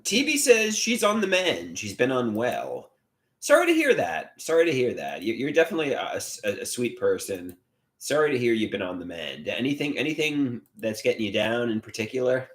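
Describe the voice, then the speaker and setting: A man's voice: medium pitch, sing-song, fairly quick, a bit bright. A man hosting a casual livestream, rambling, repeating himself and greeting viewers by name as he reads their comments. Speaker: livestream host.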